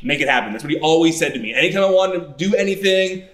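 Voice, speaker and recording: A man's voice: sits high, animated, fast talker, a bit bright, roomy sound. A man hosting a podcast in a casual interview chat, asking curious questions and laughing easily. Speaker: podcast host.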